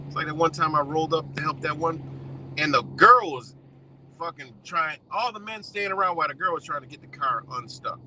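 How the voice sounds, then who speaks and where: A man's voice: a little high, sing-song, a little fast, noisy background. A man with a Western New York accent ranting casually to camera, blunt and profane, rambling with lots of fillers.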